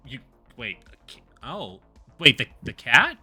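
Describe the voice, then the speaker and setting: Game master, very lively pitch, slow delivery, stammering restarts, faint music behind. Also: husky. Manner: animated, stammering restarts, laughing. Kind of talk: casual chat running a tabletop game.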